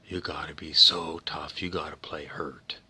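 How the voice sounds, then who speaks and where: A man's voice: very deep voice, level tone, measured pace, sharp tone, husky, full character voice. A man acting out an aching, defiant male pro football player who pleads in a strained voice and drops to a whisper.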